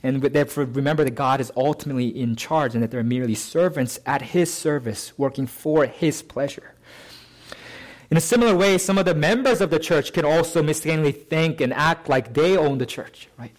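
Delivering a sermon, a man serving as pastor keeps a conversational tone and often asks "right?" to engage the audience. He stresses key phrases by lifting his voice and slowing his delivery.

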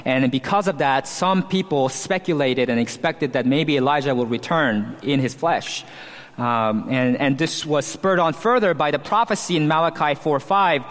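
A pastor preaching an expository sermon, explaining scripture verse by verse with emphatic stresses. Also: male voice, fairly high pitch, normal speed, fairly bright tone, big-room sound.

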